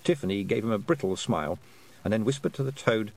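A man reading a novel aloud as an audiobook, with expressive storytelling. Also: fairly low pitch, fast talker. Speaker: audiobook reader. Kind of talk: audiobook narration.

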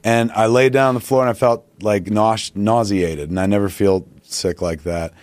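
A man's voice: lowish voice, steady tone, normal speed, a little mellow, no echo. A man telling a long, profane anecdote in casual podcast talk, acting out the quotes as he goes. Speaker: podcast guest. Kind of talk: casual storytelling.

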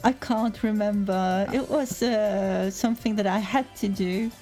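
A woman's voice: mid-range voice, steady tone, a little slow, dark tone, faint music behind. A woman calling in to a radio quiz, answering in a dry, hesitant, teasing way. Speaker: quiz caller. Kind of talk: casual on-air banter.

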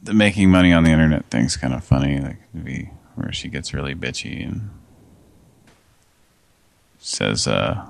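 A man with a very low voice hosts a late-night prank call show. He chats loosely and rambles a bit, with a chuckle here and there. His voice sounds dry and close to the mic. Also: animated, normal speed, vocal fry, long pauses, dry recording. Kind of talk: casual late-night chat.

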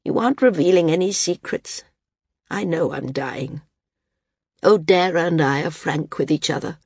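Woman voicing a dying old woman, low voice, frank, weary, dry sound. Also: moderate pace, breathy edge, dry recording. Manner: frank, weary, gently firm.

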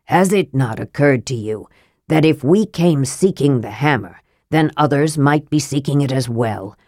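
A woman's voice: rumbling low, expressive, measured pace, warm tone, no room sound, clean studio sound, full character voice. A woman reading an audiobook aloud and voicing a frail young male mage who speaks in a cold, clipped, precise way. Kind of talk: audiobook dialogue.

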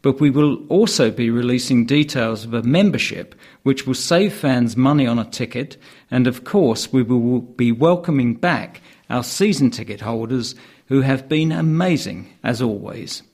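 A man reads out local sports news at a steady, plain pace. He adds the odd dry aside between items. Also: medium pitch, moderate pace, breathy edge. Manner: plain reading with wry asides. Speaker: news reader.

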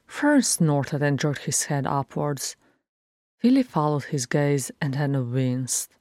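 Low-voiced woman narrating a story. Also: no room sound, clean studio sound. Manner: steady, measured storytelling. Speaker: reader. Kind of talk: audiobook fan fiction narration.

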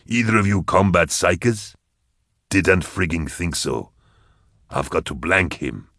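A man's voice: low-pitched, expressive, measured pace, a bit bright, dry recording, clean studio sound, full character voice. A man voicing a sneering, short-tempered mobster boss who snaps at his crew. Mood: contemptuous. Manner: snapping, contemptuous.

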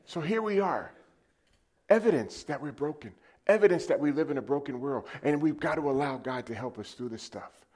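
A middle-aged man preaching a sermon, telling a personal story and swinging from loud calls to the crowd to hushed, quiet lines. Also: on the high side, lively intonation, fairly quick, slightly rough.

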